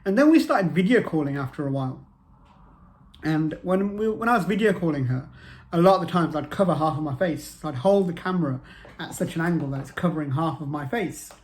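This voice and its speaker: A man's voice: fairly high pitch, expressive, brisk. A man, telling a personal story to camera in an earnest way and repeating phrases for emphasis. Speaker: motivational vlogger.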